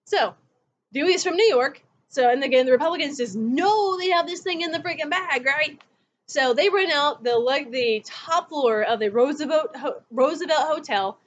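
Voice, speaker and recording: Speaking from home, a female history teacher delivers a relaxed recorded lecture, telling it like a chat and performing the quotations. She has a high, animated voice at a moderate pace, on a dull lo-fi recording.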